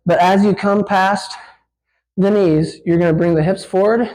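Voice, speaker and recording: High-voiced man, breathless gym demo. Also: fairly even intonation, a little slow, darkish tone, low-quality recording. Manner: casual, explains while lifting, many fillers. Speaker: physical therapist. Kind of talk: instructional demonstration.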